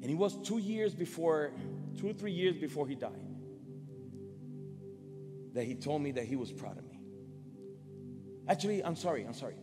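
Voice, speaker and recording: High-voiced man preaching in a hall. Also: expressive. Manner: emotional, halting, repeats words, swings loud and soft. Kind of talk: sermon with personal story. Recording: long hall reverb, faint music.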